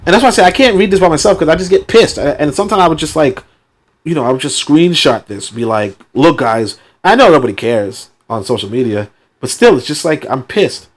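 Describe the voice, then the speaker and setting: Animated man reading and ranting. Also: on the high side, a little fast. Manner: animated, sarcastic asides, many fillers. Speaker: host reading a book aloud. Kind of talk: reading a book aloud with commentary.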